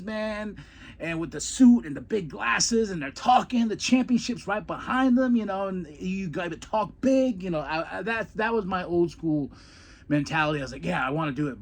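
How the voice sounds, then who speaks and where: A man's voice: high-pitched, fairly bright tone. Rambling, stammering man chatting about wrestling. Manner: rambling, repeats words, laughs often. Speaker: podcast host, former wrestler. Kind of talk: casual storytelling and wrestling recap.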